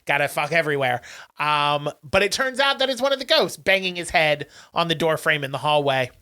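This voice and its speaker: A man's voice: on the high side, a little fast, clean tone. A man co-hosting a podcast, casually recapping a movie plot with lots of "um"s and acted-out lines. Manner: animated storyteller, acts out lines, many "um"s. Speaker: podcast co-host.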